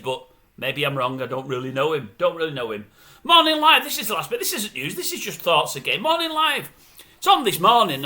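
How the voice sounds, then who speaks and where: A man's voice: a little high, bright, forceful tone. A man ranting casually about showbiz news. He grumbles and mimics other people's voices. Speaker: showbiz commentary vlogger. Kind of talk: casual opinionated rant.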